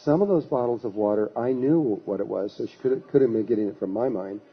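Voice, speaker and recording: A man's voice: on the low side, a little fast, slightly rough. A man giving a talk, telling a long anecdote in a rambling way and acting out the voices of the people in it. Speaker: lecturer. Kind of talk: storytelling talk. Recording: dull lo-fi recording.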